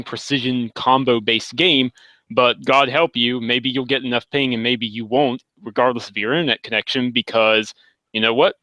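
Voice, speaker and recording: A man's voice: mid-range voice, sharp tone, no echo. A man on a podcast panel ranting emphatically and with exasperation in casual talk. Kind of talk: casual chat.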